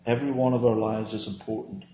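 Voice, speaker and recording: A man's voice: fairly low pitch, flat delivery, fast, dark tone, slight background noise. Earnest man teaching scripture in a roomy space. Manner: earnest, emphatic, asks and answers his own questions. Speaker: Bible teacher. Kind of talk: small-group Bible teaching. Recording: roomy, dull lo-fi recording.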